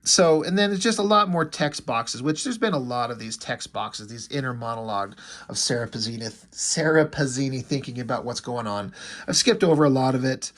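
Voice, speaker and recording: A man's voice: mid-range voice, moderate pace, fairly bright tone. Chatty man recapping a comic. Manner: loose and chatty, swears, acts out quotes of characters. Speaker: comic book reviewer. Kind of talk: casual comic book recap.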